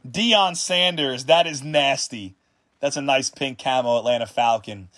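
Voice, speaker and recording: Unhurried man hosting a card-break stream. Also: medium pitch. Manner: excitable, calls out player names, shouts at big hits. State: hungry and sweaty late in a long stream. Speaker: host of a card-breaking livestream. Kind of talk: casual livestream commentary while opening card packs.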